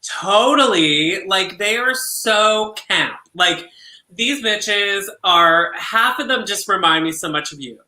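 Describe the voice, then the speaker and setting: Drag show co-host, campy and gushing, bright tone, roomy echo. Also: male voice, high voice, lively intonation, takes it slowly. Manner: campy, gushing, laughs a lot. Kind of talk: casual live-stream chat.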